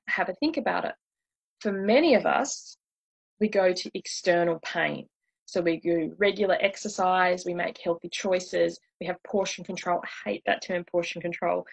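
Husky-voiced woman coaching. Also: on the low side, rough recording. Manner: chatty and relatable, acts out inner voices. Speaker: weight loss coach. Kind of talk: slide presentation talk.

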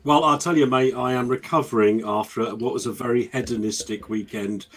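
A man's voice: medium pitch, fairly even intonation, brisk, a little hiss or hum. A man co-hosting a gaming podcast, wry and joking. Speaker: podcast co-host. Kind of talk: casual chat.

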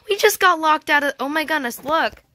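Bright-voiced, gushing female gamer. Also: high voice, normal speed, no room sound. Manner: gushing, excitable, thinks aloud while playing; giggly. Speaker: gaming channel host. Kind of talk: casual gameplay commentary.

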